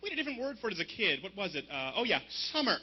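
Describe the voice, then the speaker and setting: A male stand-up comedian with a high, lively voice that swings widely in pitch. He fires off punchy jokes and mocking asides to a live crowd. The live recording sounds dull and lo-fi. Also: slightly rough. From Canada. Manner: quick punchy delivery, mocking impressions. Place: outdoor rally stage.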